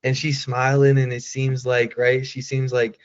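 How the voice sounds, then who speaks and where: A man's voice: mid-range voice, completely flat delivery, measured pace, smooth, dull audio. A man giving casual sales coaching, talking loosely with lots of fillers and acting out quoted voices. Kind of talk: casual coaching talk on a call.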